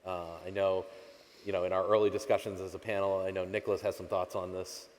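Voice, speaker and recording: A man with a Boston accent moderating a conference panel, casual and joking. His voice sits a little low and rings with the long reverb of a large hall. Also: level tone, fairly quick, darkish tone.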